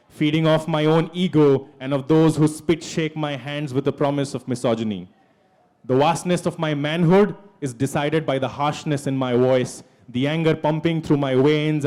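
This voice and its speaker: A man's voice: a little high, darkish tone. A young man, a life coach performing spoken word poetry with dramatic, rhetorical repeated questions. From India.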